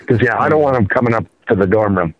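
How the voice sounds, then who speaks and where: A man's voice: on the low side, animated, quick pace, no room sound, lo-fi sound. Stammering crude-talking man. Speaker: guest. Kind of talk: crude casual chat.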